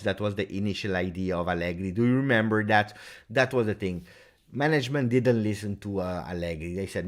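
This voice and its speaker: A man hosting a livestream Q&A, chatty and animated, talking straight to his viewers. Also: fairly low pitch, fairly quick. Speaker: football fan channel host. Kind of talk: livestream Q&A chat.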